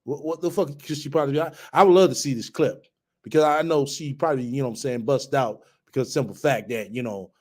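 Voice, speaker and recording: A man, hosting a reaction commentary and mocking, heckling and cursing loudly at a clip. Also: medium pitch, fast.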